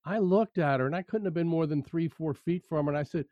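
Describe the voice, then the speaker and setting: A man in conversation, telling an animated personal anecdote about work attitude, often repeating key phrases. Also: fairly high pitch, a little fast, few pauses, no echo. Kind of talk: conversational storytelling. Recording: dry, muffled lo-fi sound.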